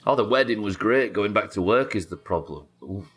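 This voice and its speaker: A man's voice: fairly low pitch, lively intonation, brisk, a bit bright, breathy edge, soft background music. A British man streaming a game live, chatting casually with viewers, reading out their messages and swearing freely. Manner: chatty, swears, reads chat aloud. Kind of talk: casual gameplay chat.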